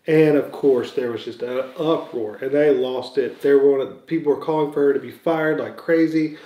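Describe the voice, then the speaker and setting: A man with a mellow, darker tone gives loose, opinionated commentary, circling his points in a hesitant way. His voice bounces around a roomy space with noticeable echo. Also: mid-range voice, normal speed, few pauses. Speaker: Star Wars news commentator.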